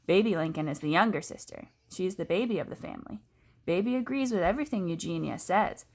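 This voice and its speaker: Woman teacher, children's book read-aloud, expressive and lively pitch. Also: fast. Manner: expressive, storytelling.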